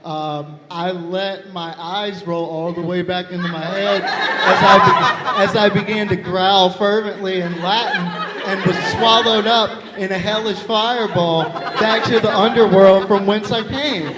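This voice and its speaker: A man doing a stand-up set, telling profane, animated stories with loud comic outbursts, recorded live at a venue with an audience. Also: sits high, unhurried, heavy background noise. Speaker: stand-up comedian. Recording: live hall reverb, crowd laughter.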